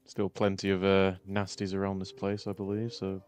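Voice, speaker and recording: A man playing a tabletop game who speaks in a measured, thoughtful way. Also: low voice, monotone, darkish tone, faint music behind. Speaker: player.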